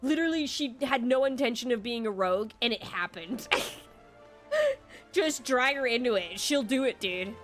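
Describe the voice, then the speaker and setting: Chatty young woman streamer, slightly high voice. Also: sing-song, moderate pace, fairly bright tone, faint music behind. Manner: laughing, swearing, chatty reactions. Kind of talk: casual game commentary.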